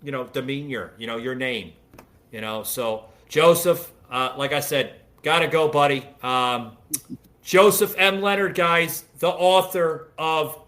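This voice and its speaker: A man's voice: on the high side, fairly even intonation, a little slow, a bit bright. A man hosting a podcast, talking casually and rambling with many fillers and restarts. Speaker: podcast host.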